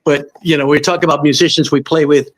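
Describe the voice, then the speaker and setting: Middle-aged male storyteller guest, fairly high voice, lively, slips into quoted voices. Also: quick pace. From Los Angeles. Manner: animated, acts out quoted voices. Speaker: musician guest. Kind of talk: storytelling in interview.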